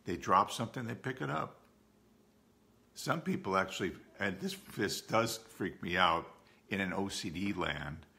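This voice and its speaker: Speaking from home in a live-streamed talk to a support group, this OCD educator and coach in his sixties is candid and conversational, frequently repeating phrases to drive points home. His low, gravelly voice carries a bright, forceful tone.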